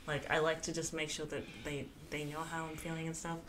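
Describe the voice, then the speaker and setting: A woman's voice: sits low, level tone, a little fast, a bit bright, a little hiss or hum. A young woman co-hosting a podcast in casual chat, rambling with lots of fillers and giggles. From Australia. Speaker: podcast co-host.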